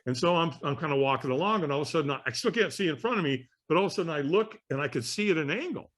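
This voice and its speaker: A man telling an animated story as a guest on an interview podcast, acting out the voices of people in it. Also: fairly high pitch, racing.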